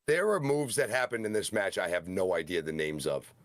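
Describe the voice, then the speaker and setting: A man co-hosting a casual wrestling review podcast, recapping matches with excited, rapid-fire enthusiasm. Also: deep voice, dry recording, clean studio sound. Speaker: podcast co-host.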